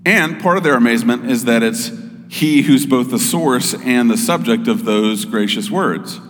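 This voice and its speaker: A man giving a sermon as pastor, in a measured, explanatory way. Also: mid-range voice, expressive, a bit bright, big-room sound.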